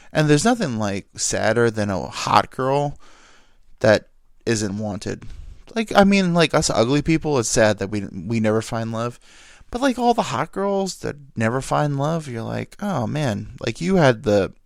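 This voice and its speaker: Gravelly, animated man rambling crude stories. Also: medium pitch, no echo, studio quality. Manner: rambling, self-deprecating, crude jokes with mock quotes. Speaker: podcast host. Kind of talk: solo comedic storytelling. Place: alone in a small dry room.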